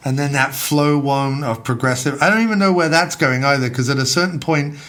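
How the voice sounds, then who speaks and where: A man of middle pitch talks in quick sarcastic bursts. He jumps into imagined back-and-forth dialogues to mock what he describes. The delivery is loose and chatty, like a podcast conversation between friends. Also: a bit bright. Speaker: podcast co-host. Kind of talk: casual comedic chat.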